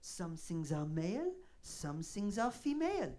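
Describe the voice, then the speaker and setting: Brief: indignant waiter, high, slow, loud; comic doing the voice. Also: male voice, big pitch swings. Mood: lecturing. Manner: shrill, exasperated, drawn out. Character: haughty French male waiter, indignant.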